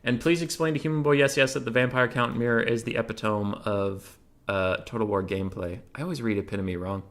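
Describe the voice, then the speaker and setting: Community questions get quick, jokey, offhand answers from a man hosting a casual gaming Q&A. His voice is mid-range and fairly bright, with a steady tone.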